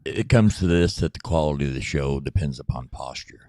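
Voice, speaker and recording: Deep-voiced wry male co-host. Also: lively intonation, a little fast, a little mellow, no room sound. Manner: dry, wry jokes. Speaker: podcast co-host. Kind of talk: casual chat.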